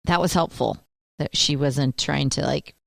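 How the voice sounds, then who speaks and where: Low-voiced woman radio co-host. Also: a little slow, creaky, no echo, clean studio sound. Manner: animated storyteller, acts out quotes. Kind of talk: casual radio banter.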